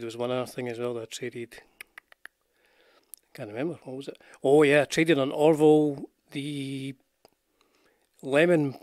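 The darkish, mid-range voice belongs to an older Scotsman hosting a guitar channel, who chats casually about guitars on a live stream, greeting viewers in the chat in a rambling, self-deprecating way. He's using a desk mic with headphones on, and the recording is dry and studio quality.

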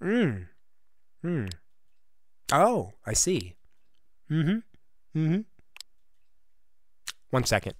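A man's voice: on the high side, huge pitch swings, very slow, pauses often. A young man hosting a gaming video, giving comedic, sarcastic commentary with self-mocking asides.

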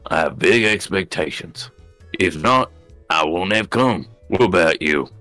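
Man doing an old snowflake master, southern drawl, deep voice, gruff and blunt. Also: animated, measured pace, pushed and bright, dry recording, soft background music, heavily acted. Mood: confident. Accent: put-on American Southern. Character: old male snowflake master, thick accent. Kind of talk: game voice-over for fun.

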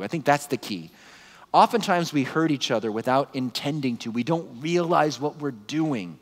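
A man giving a conversational, animated Bible talk to a live conference audience, with frequent asides. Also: medium pitch, normal speed, big-room sound. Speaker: conference speaker.

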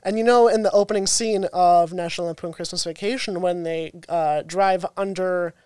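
Co-host, chatty storyteller, mid pitch, dry close-mic sound. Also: steady tone, moderate pace, darkish tone, clear, resonant tone, no echo. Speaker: podcast co-host. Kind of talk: casual podcast chat.

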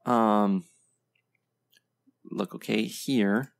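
A man's voice: fairly low pitch, steady tone, very slow, vocal fry, clear, resonant tone. A man hosting a casual reaction video, giving blunt, opinionated commentary full of ums and short laughs. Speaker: video game reaction host.

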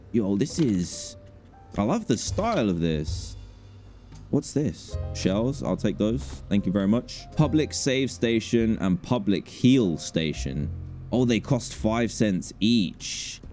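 A man, casually commentating a video game and joking as he plays. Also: mid-range voice. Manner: jokey, reacting aloud, bursts into panicked yelling. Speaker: gaming YouTuber. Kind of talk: casual let's play commentary.

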